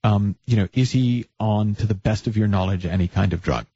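A male host of a call-in advice show who asks probing questions and pokes fun at himself, with a husky voice. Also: on the low side, a little fast, mellow, dry recording, lo-fi sound. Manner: probing, self-deprecating, restarts often.

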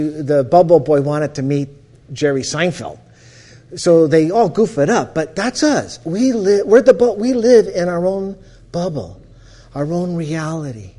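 A man with a fairly high voice gives a storytelling talk as a counselor. He talks in a lively way, breaking off and restarting his phrases. He laughs now and then as he goes. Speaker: counselor teaching the principles.

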